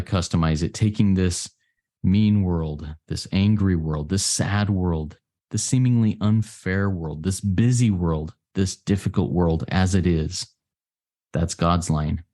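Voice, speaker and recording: A man from the United States giving an earnest, reflective share at a recovery meeting, often pausing and restarting his sentences. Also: low voice, darkish tone. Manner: earnest, halting, with many restarts.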